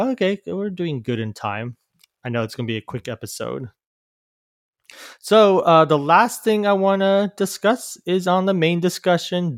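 A man's voice: fairly high pitch, no echo, clean studio sound. A man hosting a podcast, talking casually about films with many fillers, restarts and trailing-off asides. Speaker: podcast host. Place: live venue recording.

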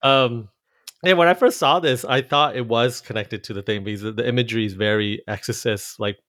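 A man co-hosting a casual podcast, laid-back and joking, with halting, filler-heavy speech. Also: medium pitch, fairly bright tone, no room sound, studio quality. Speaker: podcast co-host. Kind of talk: casual chat.

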